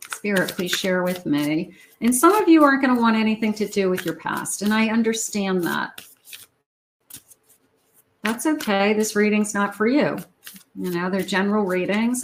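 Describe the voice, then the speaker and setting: A woman giving a tarot love reading, talking slowly and musingly to her viewers. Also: mid-range voice, slight background noise, low-quality recording. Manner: slow, musing, talks to the viewer. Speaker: tarot reader.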